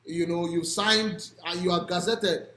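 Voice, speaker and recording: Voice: medium pitch, steady tone, a little slow, a bit bright. Nigerian accent, impassioned public talk, rhetorical questions, raised voice at times, echoey room. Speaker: speaker on advocacy and policy.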